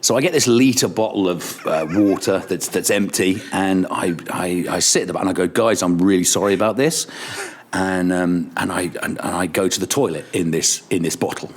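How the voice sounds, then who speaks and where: This is a middle-aged man with a lowish voice, a radio presenter chatting as a guest. He tells stories in a lively, animated way. He laughs along as he talks, and his voice leaps higher when he gets excited. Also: normal speed, few pauses, slightly rough. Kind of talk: animated storytelling in casual chat.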